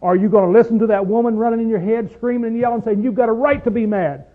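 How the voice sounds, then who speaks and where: A man's voice: very high-pitched, fast talker. A man preaching a sermon in a folksy, emphatic way with a Southern US accent, often asking his listeners questions. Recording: tinny phone-like recording.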